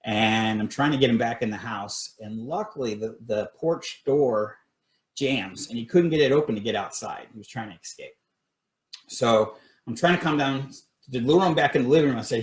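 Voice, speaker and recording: A middle-aged man telling his own ghost stories on a live stream, halting, with many fillers and restarts. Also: mid-range voice, slight background noise. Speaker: paranormal investigator telling his experiences. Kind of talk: casual storytelling on a live stream. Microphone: phone or webcam. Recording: echoey room.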